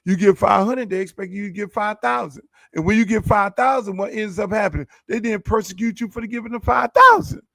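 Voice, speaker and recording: High-pitched man ranting heatedly. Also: a little fast, vocal fry, few pauses, a bit bright, no room sound, studio quality. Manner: heated, profane, repetitive venting. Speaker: show host and football coach. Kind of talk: casual ranting monologue.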